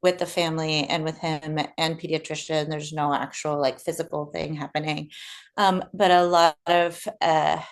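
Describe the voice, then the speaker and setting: Low-voiced woman asking a hesitant question. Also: level tone, normal speed. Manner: hesitant, searching for words. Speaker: workshop attendee asking a question. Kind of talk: asking a question in an online workshop.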